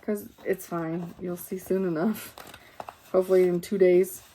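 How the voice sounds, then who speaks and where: A woman's voice: on the low side, steady tone, unhurried, warm tone, a little hiss or hum. A tired woman chatting casually as she shows her cross-stitch projects, rambling with fillers and correcting herself. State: tired and yawning. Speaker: cross-stitch vlogger showing works in progress. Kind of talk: casual show-and-tell chat.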